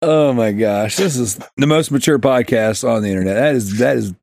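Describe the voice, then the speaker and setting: A man's voice: medium pitch, moderate pace, vocal fry, darkish tone, no room sound, studio quality. A man hosting a casual gaming podcast, joking around, giggling often and reading out listener questions. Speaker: podcast host.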